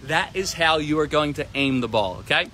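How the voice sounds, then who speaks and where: Energetic man coaching tennis live. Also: on the high side, normal speed, a little hiss or hum. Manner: energetic, repeats himself, keeps asking "right?". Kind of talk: live-streamed tennis lesson. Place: outdoor tennis court.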